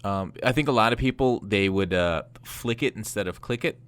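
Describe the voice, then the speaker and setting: A man's voice: fairly low pitch, moderate pace, a bit bright, smooth. A man co-hosting a casual gaming podcast, easygoing, asking questions and reading notes aloud. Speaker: podcast co-host.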